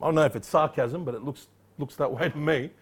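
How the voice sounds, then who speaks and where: A man preaching an expository sermon, emphatic and animated, acting out the voices in the passage he reads. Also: fairly high pitch, fast talker, husky. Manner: emphatic, acts out quoted voices.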